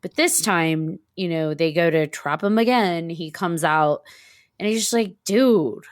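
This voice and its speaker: A woman's voice: fairly low pitch, measured pace, clean tone, no room sound, clean studio sound. A woman co-hosting a casual book-discussion podcast, retelling the story animatedly, acting out characters' lines and laughing often. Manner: laughs often between phrases. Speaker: podcast co-host.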